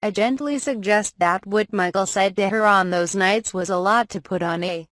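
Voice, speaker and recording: A woman's voice: mid-range voice, normal speed, a bit bright, dry recording. Woman reading an article, dry sound. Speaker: article reader. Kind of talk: scripted narration of a magazine profile.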